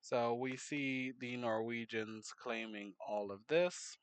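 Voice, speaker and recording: A man narrating a map game in casual commentary, unhurried, muttering asides to himself. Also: medium pitch, clear, resonant tone, no echo.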